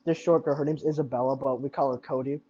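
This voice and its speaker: A young man chats on a home podcast, cracking jokes and swearing offhandedly between bites of food. His voice sits at a middling pitch, and the recording sounds dull and lo-fi. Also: fairly even intonation, fast talker, crowd noise. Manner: joking, eats while talking, swears casually. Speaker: podcast co-host. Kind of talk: casual chat.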